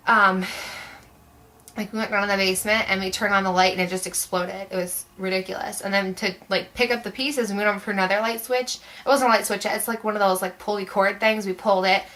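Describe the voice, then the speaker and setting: Chatty young woman with a bright voice. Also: medium pitch, fairly even intonation, fast talker, low-quality recording. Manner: chatty, rambling, many "like" fillers. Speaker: vlogger. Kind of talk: casual storytelling to camera.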